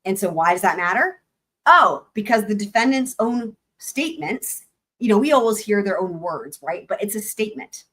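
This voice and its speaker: A woman's voice: medium pitch, lively intonation, normal speed, a bit bright. A woman hosting a livestream, chatting casually and animatedly about legal points and swearing now and then. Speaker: livestream host.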